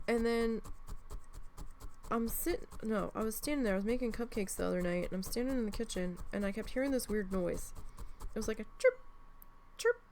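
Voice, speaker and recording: A woman's voice: mid-range voice, darkish tone, a little hiss or hum. A young woman chatting at home while she needle felts, telling rambling stories and swearing freely. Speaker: crafting vlogger. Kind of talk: casual chat while needle felting. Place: home, indoors.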